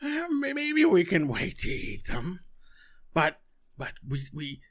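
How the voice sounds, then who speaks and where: A man's voice: high voice, wildly swooping pitch, slow pace, pitched above the performer's own voice, full character voice. A man voicing a hideous old hag mother who dotes on her monster son and plans to eat guests. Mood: doting. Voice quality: sugary, cooing.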